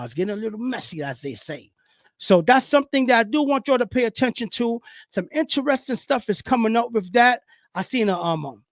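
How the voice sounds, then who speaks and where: Animated Bronx man ranting about sports. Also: sits high, dry recording, studio quality. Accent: New York (Bronx). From the Bronx, New York. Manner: animated, rambling, street slang, talks loud. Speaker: sports talk host. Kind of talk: casual live-stream sports talk.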